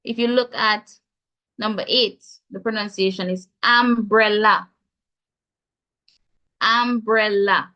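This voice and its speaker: Jamaican lady teacher, slow and careful, cheering the class on, kinda muffled call audio. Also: medium pitch, fairly even intonation. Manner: encouraging, slow careful spelling-out of sounds. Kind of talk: online class teaching pronunciation.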